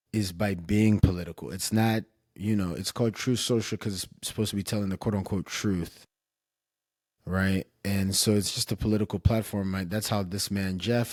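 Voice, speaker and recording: A man's voice: fairly low pitch, darkish tone, no room sound, clean studio sound. A man streaming casual commentary in a rambling, self-interrupting way, often trailing off and restarting.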